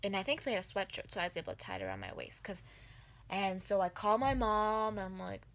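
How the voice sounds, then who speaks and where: Bright-voiced young woman telling a story. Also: mid-range voice, quick pace. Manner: rambling, filler-heavy, animated retelling. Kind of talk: casual storytime vlog.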